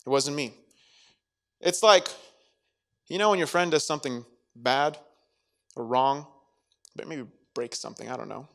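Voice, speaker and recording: His mid-range voice is gravelly with a touch of brightness as he preaches to young people. The youth speaker jokes around and acts out little dialogues in between his scripture readings.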